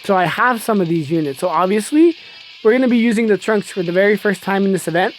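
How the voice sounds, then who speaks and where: A woman giving excitable live commentary on a mobile game, laughing often and talking straight to her viewers. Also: medium pitch, quick pace, soft background music. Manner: chatty, addresses viewers as y'all.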